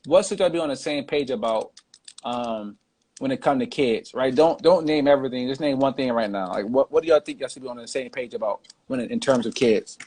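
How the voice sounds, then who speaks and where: A man's voice: medium pitch, brisk, a little mellow, slightly rough. A man hosting a casual podcast chat, reading out viewer comments in a laid-back way. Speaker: podcast host.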